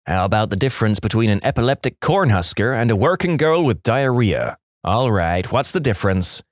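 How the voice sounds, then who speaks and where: A man narrating jokes for a storytelling podcast, in an animated way, now and then slipping into funny character voices. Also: fairly low pitch, a little fast, no echo, studio quality.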